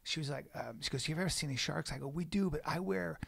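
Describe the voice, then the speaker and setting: A man's voice: a little high, fast talker, vocal fry, fairly bright tone. A man co-hosting a podcast, joking in casual chat, laughing often and swearing freely. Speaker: podcast co-host.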